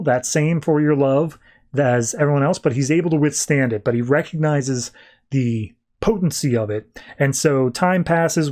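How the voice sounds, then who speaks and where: A man hosting a podcast, casually recapping a comic in a loose, slangy way with quick voiced asides. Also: medium pitch, a little mellow. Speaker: podcast host.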